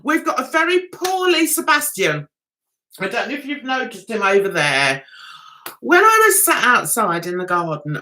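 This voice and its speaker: A woman's voice: on the high side, sing-song, normal speed, sharp tone. A woman hosting a casual livestream, chatting to her viewers in a rambling, giggly way.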